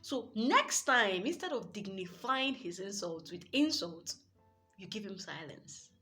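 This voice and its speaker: A young adult woman with a Nigerian accent giving earnest, lively relationship advice as a coach, with Pidgin asides. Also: medium pitch, unhurried, soft background music. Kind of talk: motivational advice talk.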